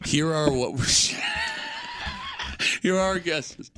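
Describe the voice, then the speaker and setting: Bright, animated male radio host. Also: high voice, very slow, a little hiss or hum. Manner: teasing, loud and excitable. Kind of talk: morning radio banter.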